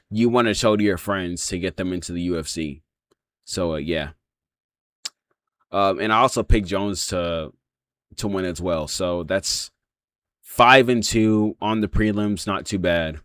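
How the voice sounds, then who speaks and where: A man with a lowish voice talks through a fight breakdown in a loose, rambling way, filling his pauses with 'um' and swearing often. The sound is dry and close, with no room around it. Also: fairly bright tone, no room sound. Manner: rambling, heavy swearing, many fillers. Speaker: MMA reaction channel host.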